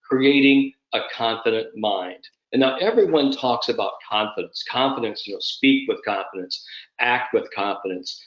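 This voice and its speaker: A man in his fifties, a sport psychologist, telling an anecdote with animated storytelling during an online summit. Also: medium pitch, normal speed, roomy sound, muffled recording. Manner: animated anecdotal storyteller, addresses the host by name.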